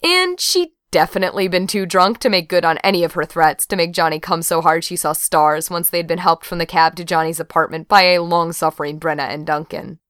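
Woman, audiobook narrator, smooth voice, lively intonation, dry close studio sound. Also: fairly low pitch, fairly quick, few pauses, no room sound.

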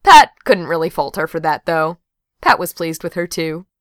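Woman narrating an audiobook, smooth and low. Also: expressive, normal speed, no room sound, clean studio sound.

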